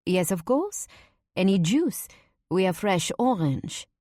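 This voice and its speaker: A woman voicing a sweet, cheerful young waitress with a French accent, bright and bubbly. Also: medium pitch, sing-song, takes it slowly, no room sound, clean studio sound.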